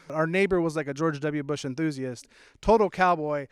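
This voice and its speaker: High-voiced young man doing stand-up. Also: normal speed, smooth, dry recording, studio quality. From small town south of the Bay Area, California. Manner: lively, playful, shifts into character voices. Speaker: stand-up comedian. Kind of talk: stand-up comedy set.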